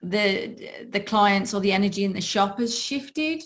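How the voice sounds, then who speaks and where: A woman's voice: mid-range voice, expressive, unhurried. A woman hosting a spiritual podcast who reflects on her guest's story and affirms it. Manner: reflective, affirming, talks of energy and angels. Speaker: podcast host. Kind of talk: spiritual conversation.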